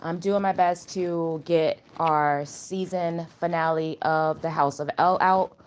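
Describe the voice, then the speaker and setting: A woman chatting at home in a casual spiritual vlog, animated and rambling, with loose slangy talk. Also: low voice, slow pace, a little hiss or hum. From Chicago area. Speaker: channel host.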